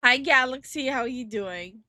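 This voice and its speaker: A woman's voice: high-pitched, measured pace, pushed and bright, dry recording, studio quality. A young woman co-hosting a casual livestream from home, giggly and greeting chat viewers by name. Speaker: streamer co-host. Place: home streaming room.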